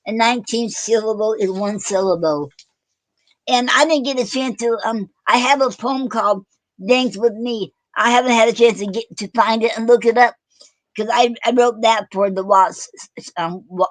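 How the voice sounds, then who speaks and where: A woman hosting a casual online poetry show, talking haltingly with many fillers and self-corrections. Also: fairly high pitch, no room sound, poor audio. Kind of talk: casual live-stream chat.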